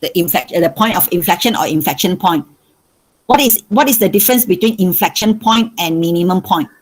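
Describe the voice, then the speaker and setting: Running an online maths revision lesson, a Malaysian-accented woman speaks on the low side with lively intonation, a fairly quick pace and a breathy edge. The recording is rough. She keeps repeating questions, coaxing her students to answer.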